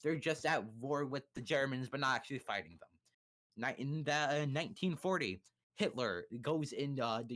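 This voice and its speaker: A young man streaming from home, launching into a profane, sarcastic retelling of history. He rambles, stumbles and restarts, swearing often. His voice sits at an ordinary middle pitch. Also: a bit bright. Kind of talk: profane comedic history rundown.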